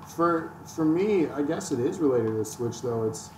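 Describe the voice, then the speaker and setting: A man's voice: fairly high pitch, expressive, normal speed, a little mellow. A man chatting casually on a gaming podcast, ranting and joking about himself. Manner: ranting, self-mocking. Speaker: podcast host. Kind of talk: casual chat. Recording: echoey room, distant mic, faint noise.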